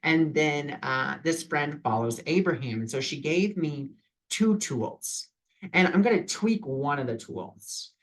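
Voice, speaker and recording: A man's voice: a little high, expressive, a little slow, slight background noise. A man in his own vlog, talking casually and earnestly about imagination, with loose phrasing and many fillers. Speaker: vlogger sharing spiritual advice. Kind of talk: casual reflective vlog talk.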